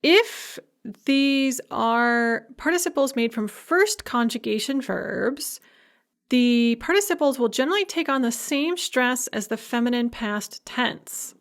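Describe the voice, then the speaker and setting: A woman giving a recorded language lecture, explaining grammar patiently and slowing down to pronounce example words, with a touch of light humor. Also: fairly high pitch, expressive.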